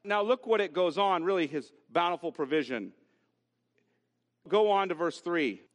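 Pastor, male, high pitch; emphatic Bible teacher who repeats key phrases; church sanctuary with long reverb. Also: lively intonation, moderate pace. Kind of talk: expository sermon. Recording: long reverb from a large hall.

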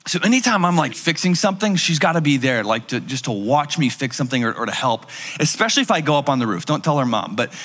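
Mężczyzna, pastor wygłaszający kazanie w żywym, gawędziarskim stylu, nagrany z długim pogłosem dużej sali. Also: male voice, on the high side, fast talker, in a large hall. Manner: lively conversational storytelling with acted-out quotes. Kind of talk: sermon.

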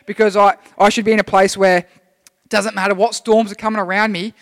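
A man's voice: sits high, flat delivery, a little fast, a bit bright. A young man giving a casual, rambling sermon, full of restarts, to a church group. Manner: chatty, rambling, with many restarts. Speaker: youth preacher. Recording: long hall reverb.

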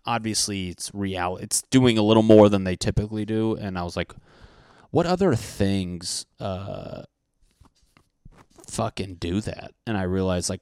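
A man's voice: fairly low pitch, a little mellow, clean tone, no room sound. A man hosting a solo podcast from his apartment, rambling casually with heavy swearing and crude jokes. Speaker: podcast host.

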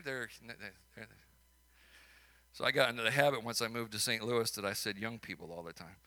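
A man's voice: fairly low pitch, steady tone, brisk, sharp tone. A man with a Chicago accent, a minister preaching a sermon and telling stories, building to emphatic peaks between folksy asides.

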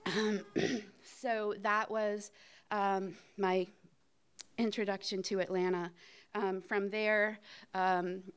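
A middle-aged woman tells a personal story live on a theater stage. Her voice is smooth and clear at a middle pitch, and she talks candidly and conversationally, with fillers and short laughs. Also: little pitch movement, slow pace.

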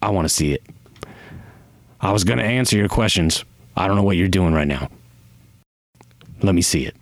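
A man's voice: low voice, animated, normal speed, no room sound, studio quality. A man voicing a grieving, volatile male patron who broods and then bristles defensively. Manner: swings from weary brooding to defensive bluster.

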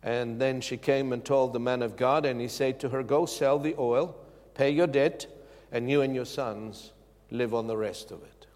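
A man preaching a sermon, with emphatic, drawn-out delivery and rhetorical questions to the congregation. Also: medium pitch, fairly even intonation, a little mellow. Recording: echoey hall reverb.

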